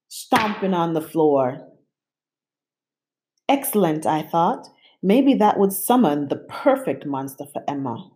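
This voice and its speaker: A woman reading a children's picture book aloud in a playful, animated way. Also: deep voice, slow. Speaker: storybook reader.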